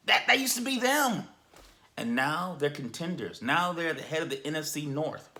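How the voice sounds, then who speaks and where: A man ranting casually as a sports fan on his vlog, animated and emphatic, often repeating words as he restarts. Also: a little high, moderate pace.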